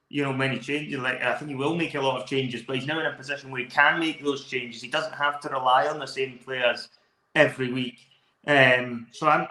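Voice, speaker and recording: Scottish man, bright sharp voice, enthusiastic pundit, echoey room. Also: on the high side. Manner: talkative, enthusiastic, long flowing takes. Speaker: podcast co-host. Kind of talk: casual football analysis. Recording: roomy echo.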